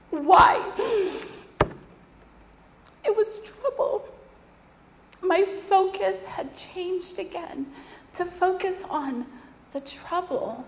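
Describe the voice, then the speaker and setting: Earnest woman in an echoey hall. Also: sits high. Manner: earnest and emotional, with repeated phrases. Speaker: mother giving a testimony. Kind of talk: personal faith testimony speech.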